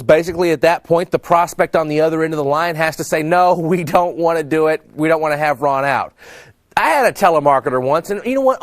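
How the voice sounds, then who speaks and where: A man's voice: fairly high pitch, no echo. A middle-aged man from Texas, a sales trainer, telling stories about selling and acting out the dialogue. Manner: animated storyteller, acts out dialogue. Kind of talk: storytelling sales talk.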